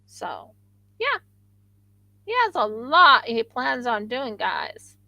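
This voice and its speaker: A woman's voice: fairly high pitch, sing-song, slow pace, gravelly, sharp tone, no room sound, lo-fi sound. A woman hosting a craft livestream, chatting casually and rambling with frequent restarts.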